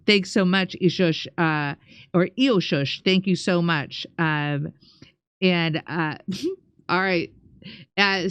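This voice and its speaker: A woman's voice: medium pitch, a bit bright, clear, resonant tone, no echo. A middle-aged woman co-hosting a live stream, reading viewer chats in a chatty, exasperated, then friendly way. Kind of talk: casual live-stream chat.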